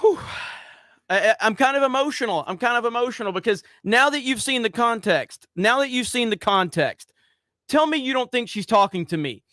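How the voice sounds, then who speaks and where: A man's voice: very high-pitched, animated, normal speed, pushed and bright, no echo, clean studio sound. A man hosting a casual commentary show, talking in a sarcastic, mock-earnest way. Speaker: YouTube commentary host.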